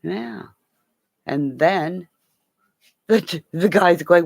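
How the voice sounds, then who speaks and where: A woman's voice: mid-range voice, expressive, slow pace, gravelly, pauses often, a bit bright, no room sound. A woman rambling in a casual live chat from her home, drifting between stories and cooing baby talk to her dog. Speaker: vlogger. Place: at home, indoors.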